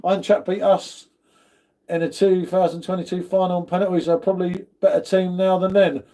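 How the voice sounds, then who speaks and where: Chatty man with a mellow voice. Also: sits high, level tone, brisk. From United Kingdom. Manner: chatty, greets viewers, says "mate" a lot. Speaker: livestream host. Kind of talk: casual chat reading viewer comments.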